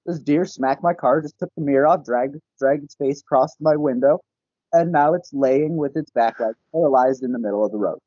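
A young man, a podcast guest, telling a casual story in an animated, profane way and laughing often. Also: medium pitch, fairly quick, husky, dry recording. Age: young adult. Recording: dull, lo-fi podcast audio.

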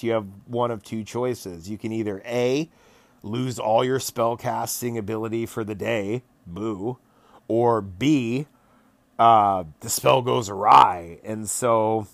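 A man acting as game master, recapping a tabletop session in a casual, animated and profane way, laughing often. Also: medium pitch, vocal fry, dry recording.

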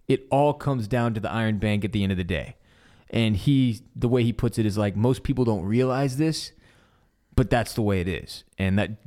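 A man co-hosting a podcast, casually recapping a TV episode with lively retelling and bits of swearing. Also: medium pitch. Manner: animated retelling, acts out character quotes, swears casually. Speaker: podcast co-host.

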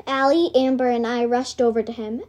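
A woman's voice: a little high, steady tone, brisk, a little mellow. A woman reading her homemade storybook aloud, rambling into self-correcting asides.

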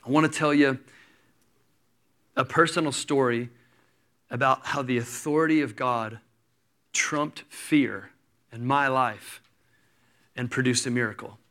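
A man in his thirties preaching a sermon, telling a story with lively energy and acting out the people in it. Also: medium pitch, measured pace, long pauses. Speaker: pastor.

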